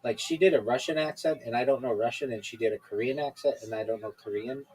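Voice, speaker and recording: This podcast host talks quickly in a darkish, medium-pitched voice, rambling through casual chat over a video call with frequent fillers and restarts. The recording is low quality.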